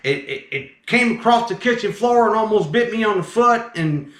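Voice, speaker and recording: A man doing a boozy middle-aged Southern guy, high, loud and cussing, roomy echo. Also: moderate pace. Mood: frantic. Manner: loud, cursing, excited.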